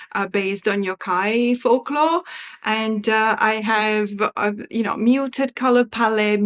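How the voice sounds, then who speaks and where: A woman's voice: fairly high pitch, fairly bright tone. A woman chatting on her tarot vlog, worried while she waits for news and rambling with restarts as she unboxes decks. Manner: chatty, distracted, many restarts and fillers. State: worried, waiting for evacuation news. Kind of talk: casual chat, reading card guidebook aloud.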